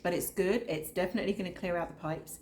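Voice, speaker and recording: A woman's voice: on the low side, fast talker, darkish tone, a little hiss or hum. A middle-aged woman giving a chatty cooking demonstration from her home kitchen, talking straight to the viewer. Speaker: cooking vlogger.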